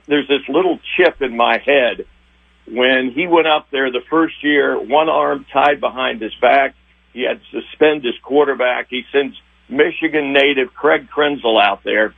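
Husky older man on a tinny phone line. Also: medium pitch. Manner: rambling, halting, sentimental. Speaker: retiring TV sports director, guest. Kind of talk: emotional interview reminiscing.

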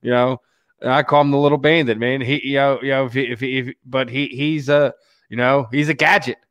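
A man's voice: mid-range voice, steady tone, brisk, fairly bright tone, no room sound, muffled recording. A man co-hosting a casual sports podcast who stammers and repeats words, laughing often. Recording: dry close sound.

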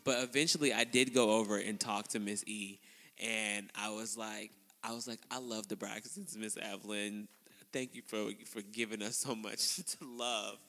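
Animated man telling stories on a podcast. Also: normal speed, big-room sound. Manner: animated, laughs often, acts out quotes in a high voice. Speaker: podcast co-host. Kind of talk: casual storytelling chat.

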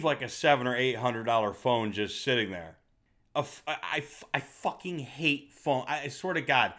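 A man's voice: mid-range voice, a bit bright. A blunt, heated man ranting with heavy swearing. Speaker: fitness vlogger. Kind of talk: profane rant to camera.

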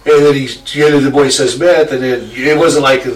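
A man's voice: medium pitch, fairly even intonation, normal speed. A man telling a rambling story to a friend, laughing and swearing casually. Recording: echoey room, distant mic, faint noise.

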